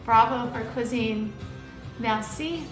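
A woman's voice: on the high side, slow. A woman from Arizona and Maui chatting casually and flirtatiously as she cooks on a live stream, greeting viewers by name. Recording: echoey room with loud background music.

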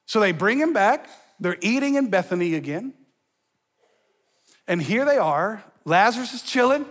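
High-voiced energetic pastor, jokey preaching in a church, with a long hall echo. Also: male voice, a little slow, long pauses. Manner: energetic and joking, talks to the crowd in slang. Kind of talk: sermon. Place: church sanctuary.

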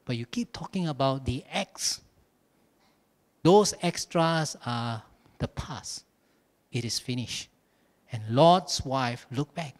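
A man preaching a sermon at a church service, telling his points as animated, humorous stories. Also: mid-range voice, slow, pauses often. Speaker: pastor.

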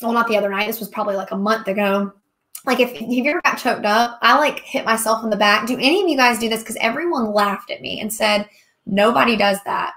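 A woman's voice: fairly high pitch, fast, fairly bright tone. A woman, chatting casually while hosting a live question-and-answer stream and laughing often. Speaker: livestream host, craft seller.

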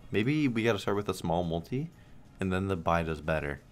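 A man's voice: sits low, sing-song, brisk. A young man streaming slot games, talking casually to the game and his viewers, swearing, pleading and sarcastic. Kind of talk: casual gambling stream commentary.

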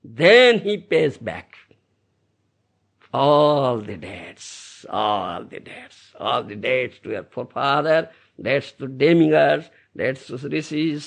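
A man's voice: medium pitch, creaky, husky. A man giving a scripture lecture as a spiritual teacher, repeating key phrases and keeping the room engaged with questions like "you understand?". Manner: teasing rhetorical questions to listeners. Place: Brisbane, Australia.

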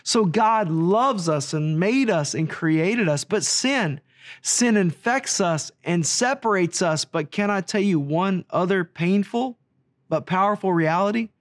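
Earnest high-voiced man preaching. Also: animated, a little slow. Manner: earnest, repeats key phrases for emphasis. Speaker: ministry leader. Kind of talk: gospel message to camera.

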